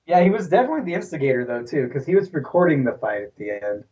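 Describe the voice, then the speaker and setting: On a casual movie podcast, a male co-host with a high-leaning, husky, dark-toned voice talks rapid-fire with big pitch swings. He rambles and restarts while recalling scenes, laughing along. The mic sounds dull and distant.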